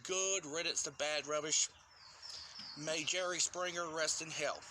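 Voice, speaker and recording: A man's voice: fairly high pitch, fairly even intonation, a little slow, background noise. A man in an indignant, announcer-style video monologue, calling himself a shock jock. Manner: indignant, announcer-like sign-offs.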